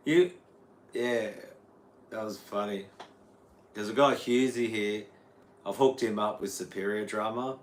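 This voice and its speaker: A middle-aged Australian man with a lowish voice chats loosely on a live stream. He rambles, drifts between thoughts and answers the viewers' chat as he goes. Faint noise sits under the recording. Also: unhurried, long pauses. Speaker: guitar teacher streaming live. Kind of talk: casual livestream chat.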